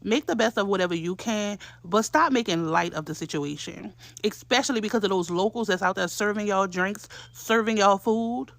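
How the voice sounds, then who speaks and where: A woman delivers a blunt, profane, scolding rant straight to camera. Her voice has a gravelly fry. The sound is dry and close. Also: medium pitch, normal speed, no echo. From New Orleans, USA. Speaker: commentator.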